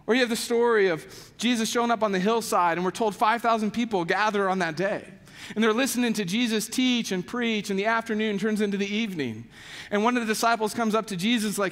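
A high-voiced man at a quick pace preaches a sermon in a church sanctuary that sounds like a large hall. He's a pastor telling casual stories, acting out the people in them with voiced quotes and plenty of "like."

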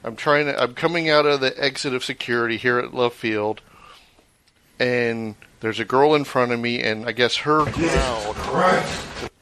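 A man's voice: medium pitch, a little slow, pushed and bright, a little hiss or hum. A man co-hosting a podcast in casual chat, who laughs often and tells exasperated stories. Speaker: podcast co-host.

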